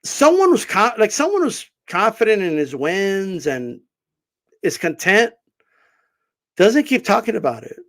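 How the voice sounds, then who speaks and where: Lively, high-voiced man ranting. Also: a little slow. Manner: animated, swearing, rambling with many fillers. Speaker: boxing commentator. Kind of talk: casual boxing talk vlog.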